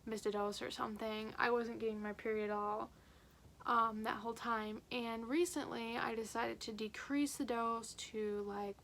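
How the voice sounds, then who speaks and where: A woman's voice: a little high, fairly bright tone, slight background noise. A teenage girl talking candidly to her phone camera at home in a rambling diary vlog, full of "like" fillers. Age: late teens. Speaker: vlogger. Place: at home, indoors.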